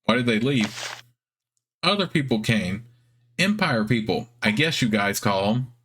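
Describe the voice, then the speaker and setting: A man voicing a simple, friendly giant spider with a squeaky, high-pitched voice, reading game dialogue. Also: expressive, measured pace, fairly bright tone, a little hiss or hum. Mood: chirpy friendly. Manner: naive, chirpy, short simple sentences.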